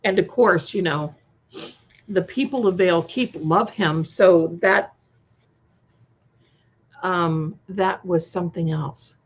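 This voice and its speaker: Lady chatting live with viewers, slow and rambly, kinda lo-fi sound. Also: on the low side, slightly rough. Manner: slow, chatty, reacting to viewer comments with frequent restarts. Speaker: co-host of a live stream premiere chat. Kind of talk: casual live-stream chat. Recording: slightly dull lo-fi sound.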